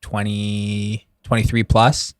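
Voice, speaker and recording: A young man talks on a podcast in a casual, excited way, dropping "like" into nearly every sentence. His voice sits a little low. The sound is close and dry, with no room around it. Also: slow, clear, resonant tone, dry recording. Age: young adult. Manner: enthusiastic, filler-heavy, says "like" a lot. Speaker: guest, real estate investor.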